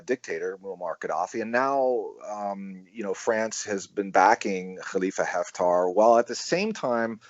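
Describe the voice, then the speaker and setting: Man, researcher, podcast interview guest, measured and analytical, fillers, low voice, dry close sound. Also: no echo, highs cut off. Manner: measured, analytical, with frequent "um" and "you know", tag questions like "right?".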